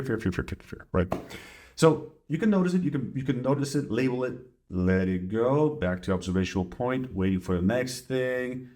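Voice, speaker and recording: A male therapist talks through a coping exercise in a relaxed, conversational way. He drops into worried inner voices to illustrate anxious thoughts, then comes back to plain explanation. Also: mid-range voice. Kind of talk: casual teaching talk.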